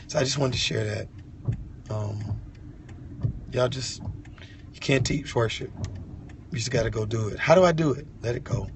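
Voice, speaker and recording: A man's voice: medium pitch, moderate pace, pauses often, noisy background. A man sharing an impassioned devotional message from inside a vehicle, fervent and repetitive, with casual slang. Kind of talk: impassioned devotional vlog talk.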